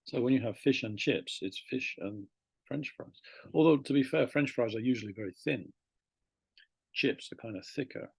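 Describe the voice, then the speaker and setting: Teacher, male, gravelly and a bit husky, dry close sound, chatty and rambling. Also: medium pitch, dry recording. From Britain. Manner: chatty, rambling, with fillers and slowed-down spelled-out words. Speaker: English teacher. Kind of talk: casual classroom explanation.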